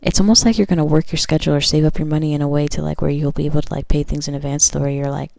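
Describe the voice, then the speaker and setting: A woman's voice: low voice, fairly even intonation, very fast, creaky, hardly any pauses, dark tone, dry recording, poor audio. A woman doing a casual pick-a-card tarot reading, reading card text aloud and chatting about it in a loose, filler-heavy way. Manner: chatty, lots of fillers, reads cards aloud then riffs.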